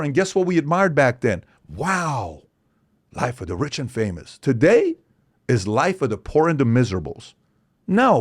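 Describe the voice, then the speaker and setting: Gravelly, emphatic man talking. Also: fairly high pitch. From Iran. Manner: animated, emphatic, acts out other people's voices. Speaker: podcast guest. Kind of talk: casual conversation.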